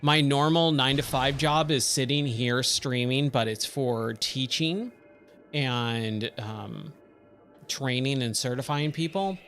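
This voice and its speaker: A man's voice: medium pitch, takes it slowly, fairly bright tone, soft background music. A man with a Californian accent giving casual let's-play commentary, chatting and exclaiming at the game in surfer slang. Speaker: streamer; trainer at day job.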